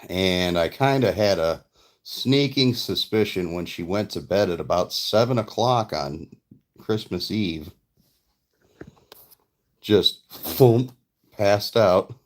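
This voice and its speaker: A man's voice: sits low, lively intonation, takes it slowly, pauses often. A man and father telling a rambling, profane story in a casual vlog. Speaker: vlogger and father.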